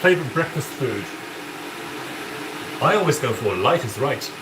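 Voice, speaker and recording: A man's voice: mid-range voice, expressive, measured pace, natural voice. A man voicing a flamboyant aristocratic male owl demon prince, campy and giggly as he cooks in an apartment kitchen and chats with viewers, calling them darling. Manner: campy, theatrical, giggly, calls chat darling. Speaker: cosplay streamer. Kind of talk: in-character cooking livestream. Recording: echoey kitchen with background noise.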